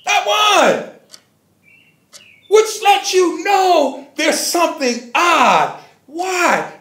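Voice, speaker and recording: A man rants his commentary in a sarcastic, mocking tone, dropping curses as he goes. His voice sits high, and he talks in a slow, deliberate way. A roomy echo surrounds everything he says. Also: fairly bright tone. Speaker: commentary vlogger. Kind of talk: ranting commentary. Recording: echoey room.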